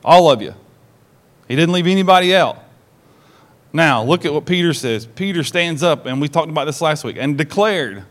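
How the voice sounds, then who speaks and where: Animated male pastor preaching a sermon. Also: on the high side, normal speed. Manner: animated storyteller who acts out quoted lines; asks the congregation direct questions.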